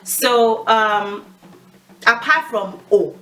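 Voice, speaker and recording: A woman's voice: on the high side, extremely slow, fairly bright tone. A woman giving a casual spoken language lesson, explaining informally and laughing at her own slips. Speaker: language teacher.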